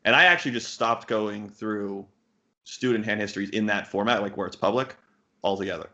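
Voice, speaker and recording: In muffled, lo-fi audio, a poker coach in his thirties answers interview questions bluntly, swearing casually and filling his speech with fillers and restarts. His voice is on the low side, brisk, pushed and bright.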